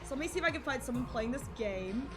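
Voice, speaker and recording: A woman's voice: sits high, animated, quick pace, over music. A woman streamer chatting casually on a live game stream, gushing and emotional and often repeating herself.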